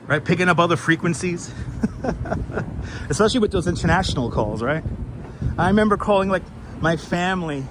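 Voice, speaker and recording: A man whose voice sits high and sounds animated talks at normal speed with long pauses, rambling casually to viewers while hosting a walking livestream. The outdoor recording comes through a clip-on wireless mic on windy city streets, with wind and traffic audible.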